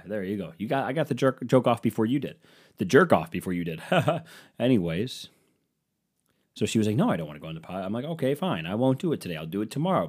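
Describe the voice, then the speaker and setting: A man's voice: sits low, warm tone. A man in his twenties hosting his own podcast, delivering a sarcastic, rambling comedic monologue into a desk microphone at home. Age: 20s. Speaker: podcast host.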